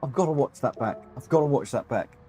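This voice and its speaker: Excitable man with a lively voice. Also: mid-range voice, fast talker, faint music behind. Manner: excitable, giggly, chatty. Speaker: livestream host. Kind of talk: live gaming commentary.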